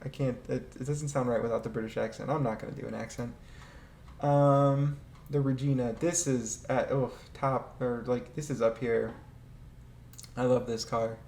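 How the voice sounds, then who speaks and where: A man's voice: mid-range voice, fairly even intonation, normal speed, vocal fry, darkish tone. A man casually ranking game vehicles, rambling and hesitant, swearing now and then and laughing often. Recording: echoey room with faint ambient noise.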